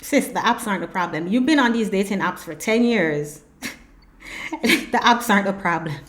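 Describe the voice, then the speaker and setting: A woman's voice: mid-range voice, animated, normal speed, fairly bright tone. A woman hosting a reaction commentary, blunt, sarcastic and scolding. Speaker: host.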